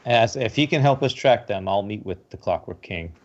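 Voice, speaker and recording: A man's voice: on the low side, highs cut off. A man playing in a tabletop game, talking casually. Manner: slow, lively, laughing player. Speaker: player.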